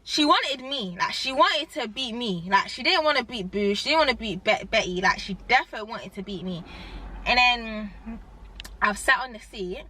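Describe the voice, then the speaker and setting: Bright-voiced young woman vlogging. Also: on the high side, normal speed, a little hiss or hum. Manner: animated, rambling, heavy use of "like". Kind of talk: casual storytime chat.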